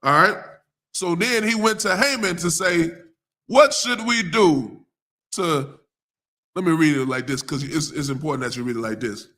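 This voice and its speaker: A man reading scripture aloud slowly, then retelling it in casual everyday talk as a teacher. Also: on the high side, bright, forceful tone. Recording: live stream talk.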